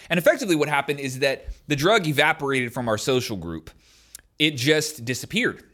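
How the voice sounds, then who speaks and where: A man in his thirties, his voice a little high and fairly bright, tells a story from his own life to the camera. He keeps it casual and loose, leaning heavily on "like."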